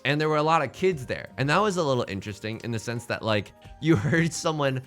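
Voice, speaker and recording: A man streaming casually, telling jokes and stories in an animated, self-mocking way. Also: mid-range voice, fast talker, soft background music.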